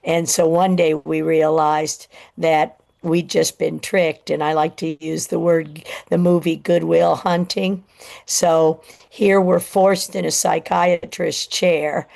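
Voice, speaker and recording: Woman in her 60s, low gravelly voice, rambly emotional storytelling. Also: darkish tone. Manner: rambling, halting, many restarts. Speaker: show host.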